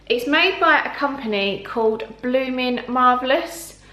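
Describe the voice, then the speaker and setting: A woman's voice: sits high, unhurried, pushed and bright. A young woman, talking casually in a pregnancy vlog, chatty and full of "like" and "um" fillers. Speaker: vlogger. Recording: echoey room.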